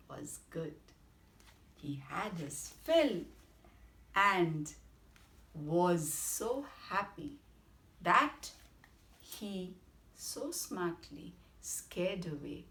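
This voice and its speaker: A woman with an Indian accent reading a bedtime story to children in an expressive, sing-song way. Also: fairly low pitch. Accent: Indian English. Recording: echoey room.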